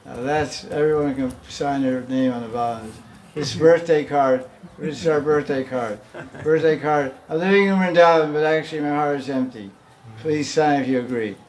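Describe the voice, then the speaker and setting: A man's voice: a little high, moderate pace, few pauses, a little mellow, slight background noise. Chuckling man giving a devotional class. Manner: conversational, chuckles often, acts out quoted pleas. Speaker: spiritual teacher.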